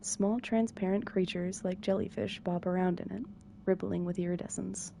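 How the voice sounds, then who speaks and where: A woman calmly narrating a visual novel as soft bedtime reading, with dry asides. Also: medium pitch, moderate pace, vocal fry, a little hiss or hum.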